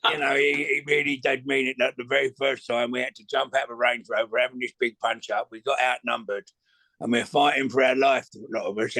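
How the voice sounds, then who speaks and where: Rough-voiced guest in his middle years, dry and close, rambling, sweary storyteller. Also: mid-range voice, pushed and bright, no echo. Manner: rambling, restarts often, swears casually. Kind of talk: casual storytelling chat.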